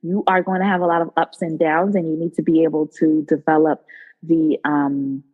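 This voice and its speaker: A woman's voice: deep voice, moderate pace, narrow, tinny audio. Woman guest talking casually on a podcast. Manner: animated storyteller who acts out quotes. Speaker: podcast guest, nurse and cook. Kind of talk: casual interview talk.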